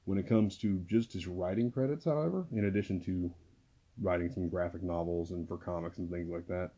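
A man hosting a movie podcast, speaking quietly and carefully close to the mic at home, his voice worn from a recent illness. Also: deep voice, a little fast, breathy edge, highs cut off. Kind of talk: casual podcast talk. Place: small home recording room. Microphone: close to the microphone.

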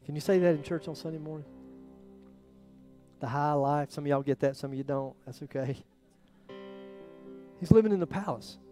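A man preaching a sermon, acting out quoted prayers, shifting from loud bursts to near whispers. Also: fairly high pitch, normal speed, long pauses, soft background music. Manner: dramatic, acts out biblical quotes with swings in loudness. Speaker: pastor.

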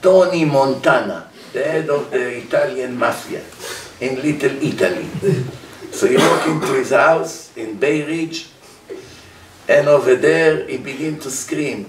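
Animated man teaching in an echoing room. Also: medium pitch, unhurried. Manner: animated, acts out dialogues, drops verb endings. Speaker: religious teacher. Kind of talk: Torah class lecture. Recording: roomy echo, distant mic, faint noise.

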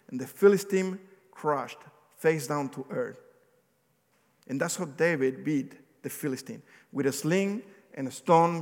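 A man preaching a sermon, retelling a Bible story with animated storytelling, acting out the quotes, with some slips and restarts. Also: on the high side. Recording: long hall reverb.

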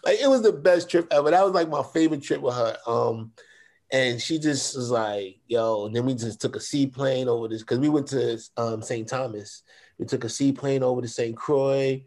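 A man's voice: mid-range voice, moderate pace. Laid-back storytelling man, casual slang. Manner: laid-back, slangy, animated when quoting others. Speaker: interview guest.

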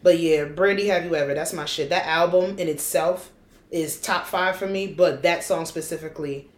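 Profane, animated woman in an echoey room. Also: fairly low pitch, normal speed. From United States. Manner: blunt, profane, animated storytelling. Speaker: podcast co-host. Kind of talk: casual chat.

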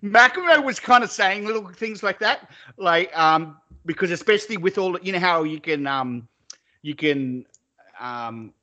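A man's voice: high-pitched, lively intonation, a little slow, pushed and bright. A man co-hosting a casual sports chat podcast, rambling, swearing freely and laughing often. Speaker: podcast co-host.

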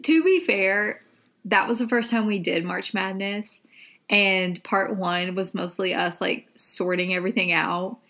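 A woman's voice: mid-range voice, a little slow, fairly bright tone. A young adult woman co-hosting a podcast, chatting casually with many "like" and "um" fillers. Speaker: podcast co-host.

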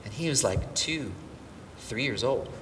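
A middle-aged man preaching a sermon, telling a story with swings from near-whispers to shouts. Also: mid-range voice, lively intonation, measured pace. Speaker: pastor. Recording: distant mic with hall reverb and faint room noise.

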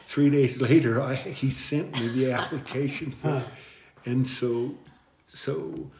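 A middle-aged man telling his life story in an interview, rambling and halting, with frequent chuckles. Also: mid-range voice, fairly even intonation, a little mellow. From American Southwest. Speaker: guest deacon. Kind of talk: storytelling in conversation. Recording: echoey room.

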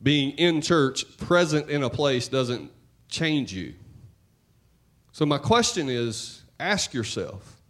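A man preaching a sermon in church, talking to the congregation in a conversational, joking way and swinging between loud and hushed. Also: medium pitch, sing-song, unhurried. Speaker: pastor.

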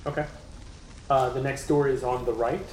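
A man narrates a tabletop game as its game master, laying out scenes in a relaxed, rambling way. His voice sits in the middle range, and the room around him rings with echo and faint noise. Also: mid-range voice, normal speed. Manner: relaxed, describing scenes with many fillers.

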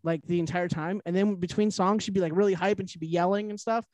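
A man with a high-pitched voice hosts a loose podcast chat. He rambles along with frequent restarts and fillers. The sound is dry and close, with no room echo. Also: steady tone, racing, hardly any pauses, a little mellow. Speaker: podcast host.

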